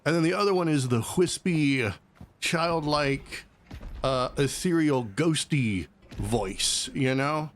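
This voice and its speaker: A man's voice: fairly high pitch, slow. A man chatting casually as a streamer while he plays a game, rambling and joking along. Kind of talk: casual gameplay commentary.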